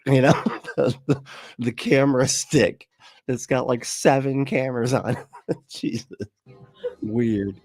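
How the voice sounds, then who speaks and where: A man's voice: medium pitch, animated, measured pace, pauses often, a little mellow, no room sound, clean studio sound. A man hosting a livestream, reacting to video clips in casual, sarcastic commentary with frequent laughs. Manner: sarcastic, laughing, swearing, talks over clips.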